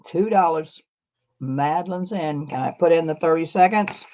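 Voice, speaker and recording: A woman's voice: deep voice, normal speed, warm tone, no room sound, low-quality recording. A woman co-hosting a live sale, reading out bids and bantering in a folksy way.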